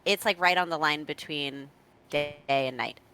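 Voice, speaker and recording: A woman's voice: low voice, a little slow, pushed and bright, smooth. A woman narrating as game master of a tabletop game, teasing and laughing with the players.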